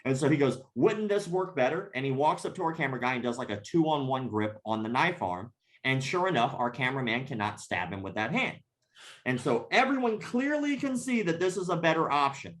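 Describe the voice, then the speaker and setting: Male podcast guest, mid-pitched, casual and profane storyteller, laughs a lot. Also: brisk. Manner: profane, laughing, animated anecdote telling.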